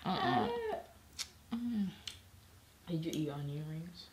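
A woman's voice: lowish voice, expressive, slow pace, noisy background. A woman hosting a mukbang, chatting casually and slangily while she eats. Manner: slangy, laid-back. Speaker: mukbang host. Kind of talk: casual chat while eating.

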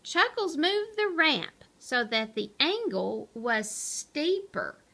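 A woman reading a children's picture book aloud as narrator, with an expressive storytelling manner. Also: high voice, slow, creaky.

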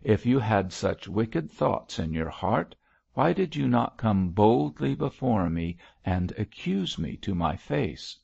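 A man's voice: lowish voice, big pitch swings, slow, vocal fry, a little mellow, no room sound, pitched above the performer's own voice, heavily acted. A man reading the part of an elderly bishop who reproaches his curate in a solemn, sorrowful tone. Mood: reproachful. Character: elderly male bishop, mild but stern. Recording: dull lo-fi dry recording.

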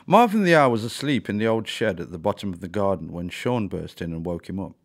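Low-voiced man reading a children's story. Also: a little fast. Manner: expressive, animated read-aloud.

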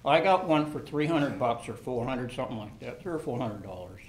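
An older man telling a personal anecdote in an animated way, laughing and shouting at the exciting moments. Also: medium pitch, fairly quick. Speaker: storyteller.

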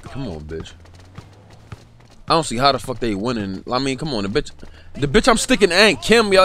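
A young man, commentating his own basketball video game, cursing and yelling at teammates. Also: medium pitch, moderate pace, long pauses. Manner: profane, excitable, yells at teammates. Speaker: gaming YouTuber. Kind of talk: live gameplay commentary.

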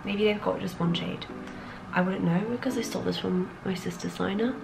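A woman's voice: medium pitch, fairly quick, vocal fry, music in the background, low-quality recording. A woman in her twenties chatting casually on her vlog, upbeat and filling her talk with "like". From London. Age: 20s. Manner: chatty, upbeat, lots of fillers like "like". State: groggy morning voice. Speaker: trainee surgeon and vlogger. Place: at home getting ready.

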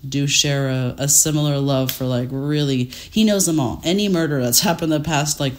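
A woman's voice: low-pitched, normal speed. Woman in her 30s, french-born guest, casual chatty interview, rambling with frequent laughs. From France. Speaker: guest artist. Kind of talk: casual chat.

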